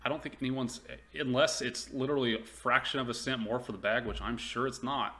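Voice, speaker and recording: A man's voice: medium pitch, steady tone, fairly quick, sharp tone. A man hosting a casual stock commentary video, chatty and rambling with lots of fillers and restarts. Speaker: stock investing video host.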